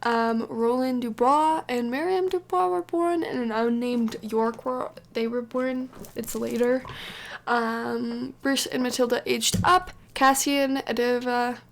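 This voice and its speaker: Gravelly young woman rambling over gameplay. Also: a little high, steady tone, takes it slowly. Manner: chatty and rambling, full of "like" and "um". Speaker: let's play narrator. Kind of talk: casual gameplay commentary.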